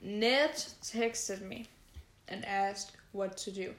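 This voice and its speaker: A woman's voice: medium pitch, steady tone, drawn-out words. A woman friend joining a casual chat with brief interjections and laughing asides. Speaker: friend and co-host. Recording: echoey room.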